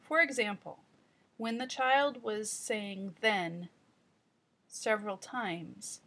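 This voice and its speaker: A woman teaching trainees in an instructional voice-over, explaining deliberately and speaking straight to the viewer. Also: mid-range voice, fairly bright tone.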